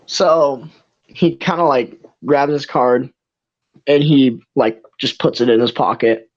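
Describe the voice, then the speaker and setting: A game master narrates a tabletop game in a loose, rambling way, restarting sentences as the scene unfolds. The voice sits at a middle pitch, and the lo-fi recording sounds dull. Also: steady tone, slow pace.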